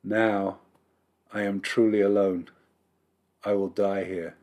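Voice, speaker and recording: A man's voice: fairly low pitch, level tone, takes it slowly, a little mellow. A man voicing a young, steadfast immigrant, earnest and hopeful, raised above his own voice. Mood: despairing. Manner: earnest, rising to eager pleading.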